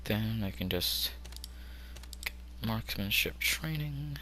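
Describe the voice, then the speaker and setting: Bright-voiced young man joking over gameplay. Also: on the low side, expressive, takes it slowly, a little hiss or hum, poor audio. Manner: rambling, joking, swears, talks to himself. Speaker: gameplay commentator. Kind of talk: casual gameplay commentary.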